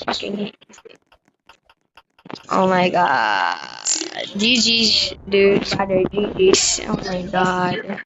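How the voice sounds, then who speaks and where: A young woman giving excitable live commentary on her game, full of exclamations and complaints about lag. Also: medium pitch, very slow. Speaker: gamer streaming her match. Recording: dull lo-fi recording with noise and clicks.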